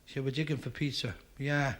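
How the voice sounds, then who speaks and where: A man telling stand-up jokes with a brisk, punchy delivery. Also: mid-range voice, fairly even intonation, fairly bright tone. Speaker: stand-up comedian.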